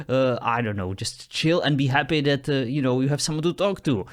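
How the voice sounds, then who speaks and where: A man's voice: mid-range voice, brisk, few pauses. A man hosting a test of a phone voice assistant, teasing it, getting exasperated and laughing often. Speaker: host testing a phone voice assistant. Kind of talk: casual talk with an AI.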